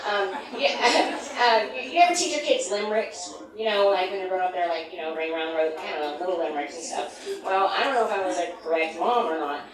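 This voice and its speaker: A woman's voice: fairly low pitch, fast talker, a crowd in the background. A middle-aged woman from the United States doing a stand-up comedy set, rambling through self-deprecating asides. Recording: echoey room from far, noisy.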